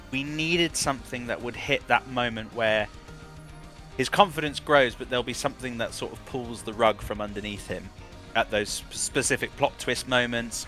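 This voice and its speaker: A male voice director speaking in an interview, his tone bright and forceful. He gives long, winding answers and often restarts his sentences. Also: mid-range voice.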